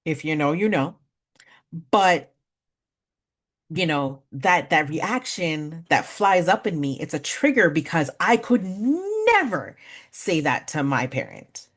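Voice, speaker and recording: Slow, low-voiced woman guiding a workshop. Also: sing-song. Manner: warm, conversational, laughs at herself, counts slowly. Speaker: workshop facilitator. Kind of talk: guided breathing exercise and storytelling talk.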